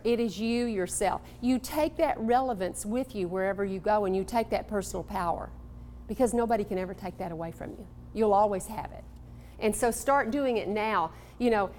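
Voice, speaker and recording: A woman from Texas giving a live motivational talk to an audience, animated and coaxing, calling on people in the room. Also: a little high, a little hiss or hum. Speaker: motivational speaker.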